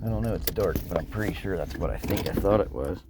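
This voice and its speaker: A man's voice: low voice, fast. A man rambling and joking while picking through curbside trash at night, out of breath at times. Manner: joking, rambling, mock voices of viewers. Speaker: scrap picker vlogger. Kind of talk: rambling casual vlog. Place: outdoors at night, curbside and in a vehicle. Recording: noisy outdoor night recording.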